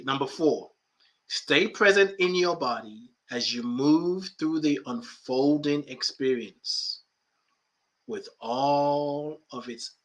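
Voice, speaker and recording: A man's voice: medium pitch, a bit bright. A man hosting a spiritual coaching podcast, emphatic and repeating key phrases, with playful asides. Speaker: life coach and podcast host.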